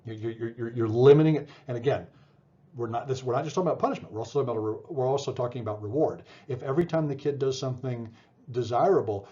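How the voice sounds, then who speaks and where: Middle-aged male lecturer, relaxed warm tone, chatty with restarts, lo-fi classroom recording. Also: medium pitch, fast talker. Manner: conversational, many fillers and restarts, asks "right?". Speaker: psychology lecturer.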